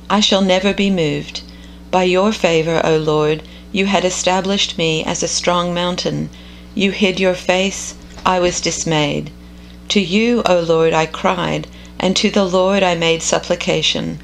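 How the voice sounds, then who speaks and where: A woman reading scripture aloud in a measured, contemplative devotional style. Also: on the low side, steady tone, gravelly, slight background noise, rough recording. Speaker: scripture reader.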